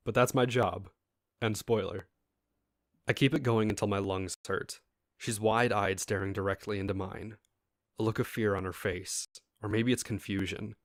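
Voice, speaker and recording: With a fairly low voice, a man casually reads aloud a story told in the first person, pausing at times to speak directly to those listening. He is the story reader, and the audio is dry and close with no room reverb.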